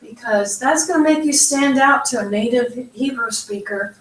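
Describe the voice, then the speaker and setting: A woman's voice: a little high, normal speed, distant mic. A woman from the United States teaching a beginners' language lesson, patiently spelling out each sound step by step. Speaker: Hebrew teacher. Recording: echoey room, voice from off-mic.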